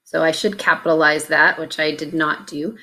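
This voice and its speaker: A woman's voice: low voice, steady tone, normal speed, pushed and bright. A woman teaching a phonics lesson, patiently sounding out letters one at a time and breaking words into syllables.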